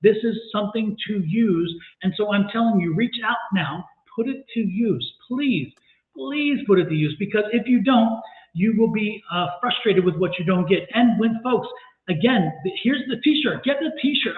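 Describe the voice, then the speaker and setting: A man's voice: high voice, animated, moderate pace, reverberant, phone-quality sound. A man co-hosting a live tarot reading stream, giving repetitive, preachy motivational advice to viewers. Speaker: tarot reader and co-host.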